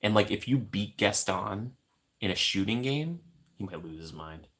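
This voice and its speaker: A man's voice: on the low side, animated, moderate pace, a bit bright. A man chatting casually with his viewers on a livestream from home, rambling and laughing often.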